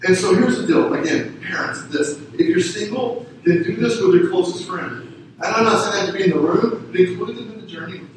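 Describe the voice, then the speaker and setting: A man's voice: sits high, brisk. A man preaching a sermon as pastor, earnestly exhorting parents and families with repeated calls to action. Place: church sanctuary. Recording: echoey room, voice from a distance with faint noise.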